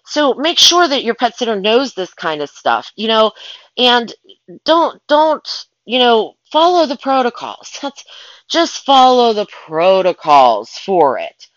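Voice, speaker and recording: A woman's voice: on the high side, very animated, takes it slowly, a bit bright, no echo, dull audio. A woman who works as a pet sitter and dog walker, ranting in a casual vlog in an exasperated, rambling way with many restarts.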